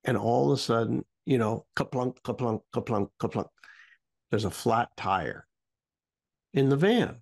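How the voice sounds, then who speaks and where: A man's voice: mid-range voice, expressive, unhurried, gravelly. A middle-aged man co-hosting a talk podcast, telling a story casually and rambling, trailing off often. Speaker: podcast co-host.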